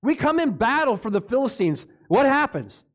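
A male pastor delivers an emphatic sermon in a fairly high voice that swings widely up and down. He peppers the congregation with rhetorical questions. He often trips over a name and quickly corrects himself. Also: big pitch swings.

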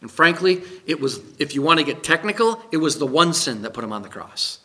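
A man's voice: a little high, big pitch swings, fairly quick, pushed and bright. A man preaching a sermon as pastor, emphatic, putting questions to the congregation.

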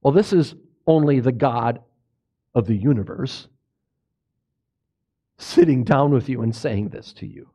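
A man preaching a sermon, asking the congregation questions and swinging between hushed low lines and loud exclamations. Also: measured pace, long pauses, breathy edge. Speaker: pastor.

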